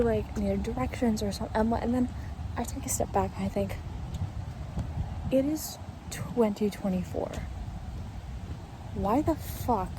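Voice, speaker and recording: A woman's voice: a little high, background noise. A woman in her twenties chatting casually to a phone camera, swearing freely and full of fillers. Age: 20s. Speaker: vlogger. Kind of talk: casual vlog chat. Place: outdoors walking, then indoors at home.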